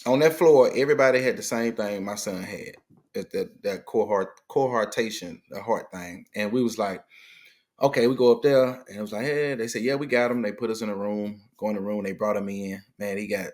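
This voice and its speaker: A man's voice: fairly low pitch, a little fast. Man telling a family story. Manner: animated retelling, acting out quoted dialogue. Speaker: guest. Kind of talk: casual storytelling.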